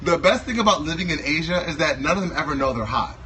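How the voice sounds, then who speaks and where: A man's voice: fairly high pitch, animated, fast, background noise. A man in his thirties from Wisconsin, chatting as a guest in a flamboyant, campy, playfully exaggerated way. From Wisconsin, USA. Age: 30s. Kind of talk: casual chat.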